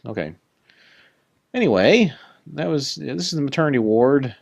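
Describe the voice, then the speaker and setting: This is casual let's-play commentary from a man showing off his Minecraft build, with a mid-range, gravelly, somewhat dark voice that's a little worn. He's expressive and talks at normal speed, rambling, self-deprecating, and addressing the creatures around him, all in a dry recording.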